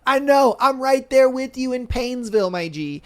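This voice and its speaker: A man's voice: extremely high pitch, expressive, moderate pace, clean tone. Laid-back slangy young man. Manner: slangy and laid-back, heavy with fillers like "bro" and "you know". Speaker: podcast host. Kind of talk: casual chat, reading listener stories aloud.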